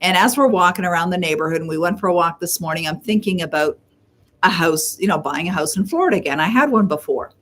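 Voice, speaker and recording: A middle-aged woman from Canada hosting a live Q&A, telling stories in a chatty way and slowing down to stress her advice. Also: on the low side, lively intonation, a bit bright. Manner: chatty storyteller, acts out quoted voices; slows and stresses key points. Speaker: host answering viewer questions. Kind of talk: live Q&A coaching talk.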